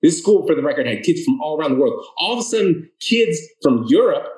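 A man's voice: on the high side, big pitch swings, fast, darkish tone, echoey room, rough recording. A man from the Boston area answering interview questions, telling his story earnestly and with lots of restarts. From Boston area, Massachusetts. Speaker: author guest.

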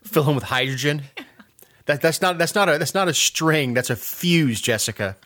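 A man's voice: a little high, lively intonation, normal speed, fairly bright tone. A middle-aged man from Georgia co-hosting a casual political talk show, sarcastic and rambling, with frequent restarts.

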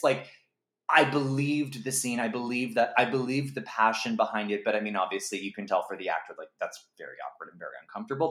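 A man co-hosting a podcast, talking through a film in a rambling, animated way with many fillers. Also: medium pitch. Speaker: podcast co-host. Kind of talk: casual film review chat. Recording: echoey room.

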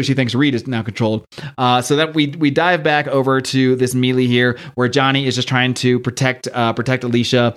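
A man hosts a casual comic book podcast, talking quickly as he recaps the story. He rambles, laughs along the way, and tosses in rough voices for the characters. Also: medium pitch, steady tone. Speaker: podcast host.

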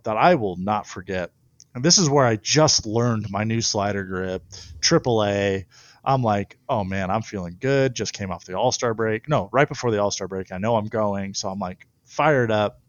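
A young man, a baseball pitcher, telling stories in a casual interview and laughing often. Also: animated, moderate pace, no echo, dull audio.

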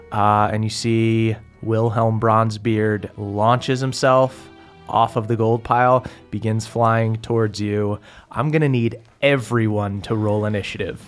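A man narrating a tabletop game as game master, halting with frequent ums. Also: medium pitch. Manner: halting, full of ums and uhs.

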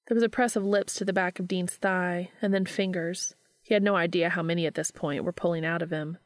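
A woman narrating a story in a steady, even-paced reading. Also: fairly low pitch, fairly quick, dry recording, studio quality. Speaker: audiobook reader.

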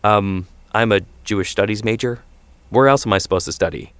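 A man's voice: fairly low pitch, fairly quick, fairly bright tone, clear, resonant tone, no echo, close to an everyday voice. A man reading as an exasperated young student. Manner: pleading, exasperated. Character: earnest young male college student.

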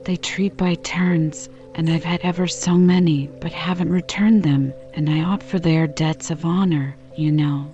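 A woman's voice: sits low, fairly even intonation, unhurried, hardly any pauses, warm tone, soft background music. A woman reading the lines of an earnest, self-important young girl in an audiobook, in a grave pleading manner. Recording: slightly dull lo-fi recording.

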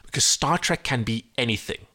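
A man co-hosting a podcast in casual chat, animated and jokey, rambling from one tangent to the next. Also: mid-range voice, brisk. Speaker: podcast co-host.

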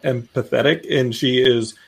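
A man's voice: medium pitch, steady tone, measured pace, vocal fry, slightly rough. A man co-hosting a podcast, joking in a wry, self-mocking way. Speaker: podcast co-host. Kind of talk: casual comic banter.

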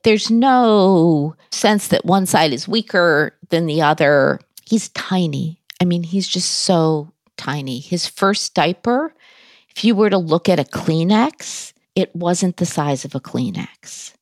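A woman's voice: on the low side, animated, slow pace, dry recording, clean studio sound. A woman guest in an interview, telling a personal story in a candid, conversational way with wry humor.

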